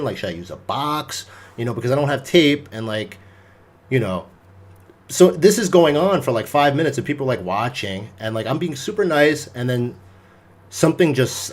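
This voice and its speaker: Young man, podcast host, casual profane storytelling, animated, mid-pitched.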